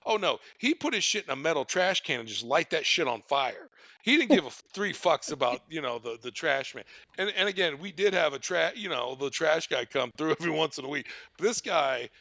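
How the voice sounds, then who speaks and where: A podcast host telling a rambling, profane story, stumbling over restarts as he goes. His voice is raised and bright, with a gravelly rasp, and it jumps around a lot in pitch. The sound is dry and close. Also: expressive, a little fast, no echo. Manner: rambling, profane, laughing retelling. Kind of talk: casual storytelling.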